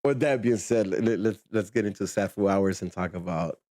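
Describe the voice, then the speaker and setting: A man hosting a fan podcast in relaxed casual chat, often repeating words as he starts sentences. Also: deep voice, brisk, no room sound, studio quality. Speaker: podcast host.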